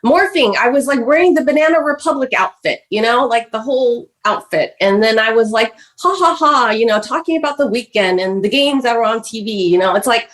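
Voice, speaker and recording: A woman guest on a podcast, telling her life story in an animated, chatty way full of "like" and "you know". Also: a little high, a little fast, few pauses. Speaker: guest author. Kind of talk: personal storytelling in a podcast interview.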